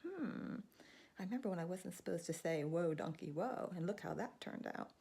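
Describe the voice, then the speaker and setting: A woman voicing a foolish, excitable brother musing to himself in a soft, husky voice. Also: on the low side, moderate pace, full character voice.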